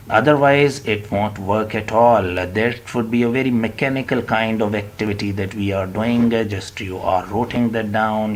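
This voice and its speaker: A man with a Pakistani English accent teaching an online spoken English lesson, slowly repeating words and modeling their stress with deliberate emphasis. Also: on the low side, slight background noise.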